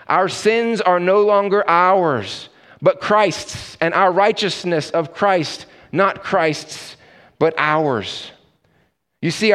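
A male pastor delivering a sermon in a church sanctuary, voice slightly higher than most men's. His words ring out with a long hall reverb, and he slips into lively storytelling and acts out the dialogue.

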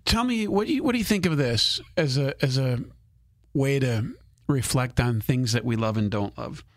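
A man's voice: medium pitch, expressive, moderate pace, dry recording, clean studio sound. A man hosting a casual conversation, asking questions and reflecting aloud, often repeating words as he thinks.

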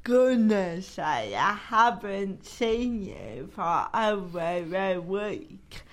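A woman co-hosting a comedy podcast, with deliberate speech and dry humour. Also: medium pitch, very animated. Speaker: podcast co-host. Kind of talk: casual comedic chat.

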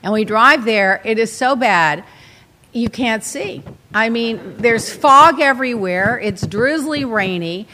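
A middle-aged woman hosting, telling a casual story in an animated, dramatic way with lots of exclamations. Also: on the high side, takes it slowly, slight background noise. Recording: long reverb.

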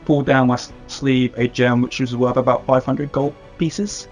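A man's voice: medium pitch, level tone, moderate pace, soft background music. A man taking part as a player in a tabletop game, chatting and joking with the table. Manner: laughing, tries an Italian mobster accent.

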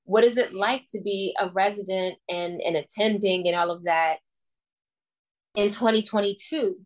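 A woman's voice: mid-range voice, moderate pace. A woman co-hosting a podcast in casual chat, talking with enthusiasm and casual swearing. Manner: enthusiastic, chatty, profane. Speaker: podcast co-host.

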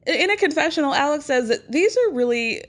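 A woman hosting a casual chat show, recapping events in a chatty, animated way and acting out the lines she quotes. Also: sits high, brisk. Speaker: podcast host recapping a reality show.

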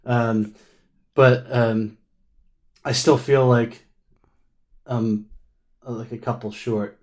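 A man's voice: mid-range voice, steady tone, takes it slowly. A man telling a long, wry story in casual chat, with plenty of filler words and restarts. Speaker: musician guest.

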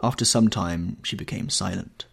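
A man narrating a classic novel as an audiobook in an expressive, measured storytelling manner. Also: low-pitched, creaky, slightly rough.

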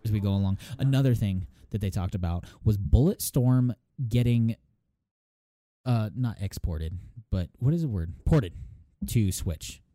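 A man co-hosting a casual gaming podcast, animated and quick to laugh, with a dry, coughing voice. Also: on the low side, no echo. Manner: animated storyteller, laughs often. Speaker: podcast co-host.

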